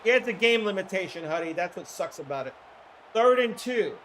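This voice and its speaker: High-voiced hoarse male game streamer. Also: brisk, a little hiss or hum. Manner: excitable, chatty, swears casually. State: hoarse throat. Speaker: livestream host. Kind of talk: casual play-by-play game commentary.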